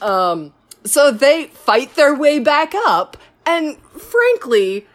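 A woman spinning a casual story in a slow, unhurried way. She rambles, fills pauses with ums and likes, and corrects herself as she goes. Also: high voice, sing-song. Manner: rambling, full of fillers and self-corrections.

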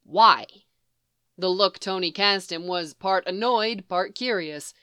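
Woman narrator, story reading, smooth clear voice, dry close sound. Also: medium pitch, a little slow, a bit bright, no room sound. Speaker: reader. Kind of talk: reading fan fiction aloud.

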